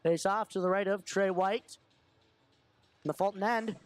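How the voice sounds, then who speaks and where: A young man giving fast running play-by-play of a hockey game, shouting when shots and goals come. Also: sits high, fairly even intonation, soft background music. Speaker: play-by-play commentator. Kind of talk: amateur hockey play-by-play commentary.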